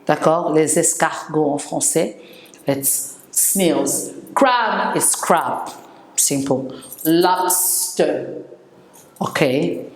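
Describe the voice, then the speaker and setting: A woman's voice: low voice, very slow, roomy sound. A woman from Senegal with a Senegalese French accent, teaching English vocabulary and repeating words for pronunciation, switching between English and French. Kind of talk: classroom vocabulary lesson.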